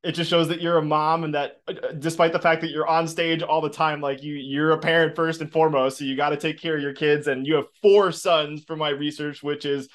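This is a man hosting an interview, warmly enthusiastic and a bit rambling as he builds up to his questions. His voice sits somewhat high for a man. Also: level tone, brisk. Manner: enthusiastic, rambling with fillers and restarts. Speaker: podcast host. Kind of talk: casual interview chat.

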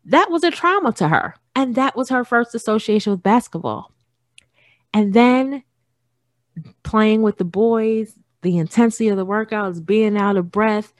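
A woman in her thirties hosts a solo podcast, speaking earnestly about parenting and repeating phrases for emphasis. Her medium-pitched voice is recorded on a studio microphone with no room sound.

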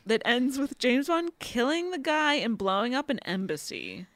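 A woman's voice: high voice, very animated, moderate pace, no echo. A woman co-hosting a podcast, recapping a film in a wry, laughing way. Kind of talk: casual podcast chat.

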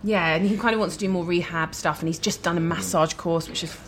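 A woman's voice: fairly low pitch, fairly even intonation, quick pace, a bit bright, slight background noise. A woman who is a musician, chatting frankly and laughing easily as a guest over a meal. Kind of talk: casual chat over a meal. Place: dinner table. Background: clinking cutlery and dishes.

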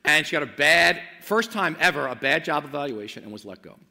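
A man's voice: fairly high pitch, animated, a little fast. Man preaching in an echoing hall. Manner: impassioned, swings from loud to hushed and intimate, many restarts. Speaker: pastor. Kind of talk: sermon. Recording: long hall reverb.

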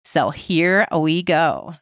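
Excitable woman podcast host. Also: low-pitched, clear, resonant tone, no echo, studio quality. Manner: animated, talks fast and openly, with swearing and laughter. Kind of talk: casual chat.

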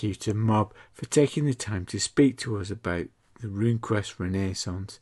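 A man's voice: fairly low pitch, darkish tone. A man co-hosting a chatty podcast, quizzing his friend and drawing out made-up Latin names playfully. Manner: playful, drawn-out pronunciation of mock Latin. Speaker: podcast co-host. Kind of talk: casual chat and quiz.

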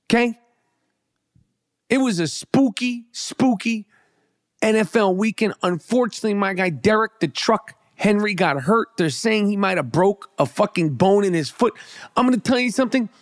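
A man's voice: high voice, animated, moderate pace, no echo, clean studio sound. A man giving a brash, profane, hyped-up rant about the football weekend and his fantasy team. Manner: brash, swearing, hyped, repetitive. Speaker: sports commentator.

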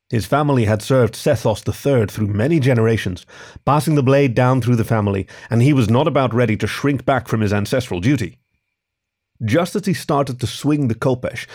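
A man hosts a story podcast and narrates the tale himself. His reading is expressive, with a lively, swinging pitch, and his voice sits in an ordinary male range.

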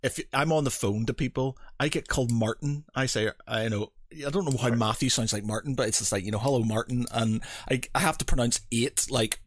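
A man's voice: mid-range voice, fairly quick, hardly any pauses, dry recording. Chatty Northern Irish man, dry close sound. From Northern Ireland. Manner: chatty storyteller, mimics others with laughs. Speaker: podcast host. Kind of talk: casual chat.

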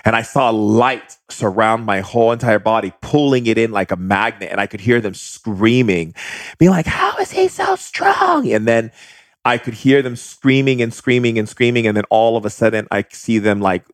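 A man's voice: lowish voice, normal speed, dry recording, studio quality. A man guest earnestly telling a personal story, acting out the voices he heard. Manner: earnest, animated retelling, acts out voices. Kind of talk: casual storytelling.

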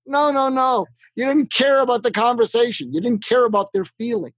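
A man giving animated, practical advice in an interview, acting out both sides of sample conversations. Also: sits high, brisk, hardly any pauses, dry recording. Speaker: guest expert.

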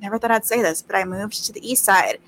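A woman's voice: mid-range voice, quick pace, a bit bright, a little hiss or hum. A woman from New Mexico answering questions as a guest in a casual chat, with many fillers. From New Mexico, USA. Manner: chatty, filler-laden.

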